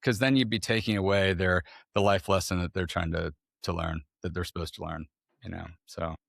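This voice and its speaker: A man's voice: sits low, fairly even intonation, fairly quick, gravelly, dry recording. A middle-aged man talking as a podcast guest, candid and loose with casual slang and fillers. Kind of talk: casual conversation.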